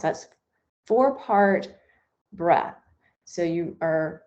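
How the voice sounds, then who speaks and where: A woman's voice: mid-range voice, slow pace, a little mellow, muffled recording. A woman leading a guided breathing meditation in an unscripted, soothing way, with occasional fillers and restarts. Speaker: meditation instructor.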